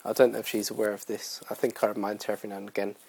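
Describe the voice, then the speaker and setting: A man's voice: on the low side, flat delivery, racing, darkish tone, breathy edge, rough recording. A young man hosting his own podcast in casual, rambling, self-mocking chat full of fillers. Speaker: podcast host.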